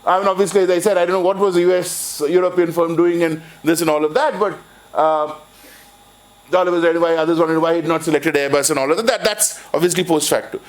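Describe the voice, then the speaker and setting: A man's voice: fairly high pitch, fairly even intonation, fast talker. A man with an Indian English accent giving a university lecture on finance, rambling with frequent restarts and telling anecdotes. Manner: rambling, many restarts and "kind of", jokey storytelling. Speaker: finance professor. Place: lecture hall.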